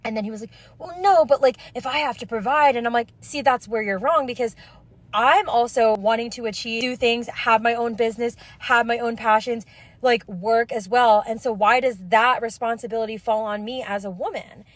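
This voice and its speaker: A woman's voice: on the high side, fairly even intonation, normal speed, a bit bright, no echo. A young woman tells viewers about a bad date in an exasperated storytime vlog. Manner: exasperated, talks straight to viewers.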